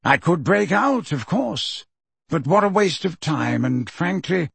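Man playing a calm old storybook wizard, pleasant and wry, slightly husky. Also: a little high, a little slow, no echo, full character voice. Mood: gently ironic. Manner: calm, pleasant, gently ironic. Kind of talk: audiobook character reading.

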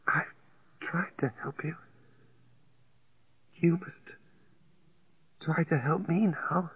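Male reader voicing a feverish young woman: weak, hoarse, high whisper, fearful and breathless, on a dull recording. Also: very animated, measured pace, a bit bright, no room sound, exaggerated voice. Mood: frightened whisper. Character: gravely ill young woman, feverish and frightened.

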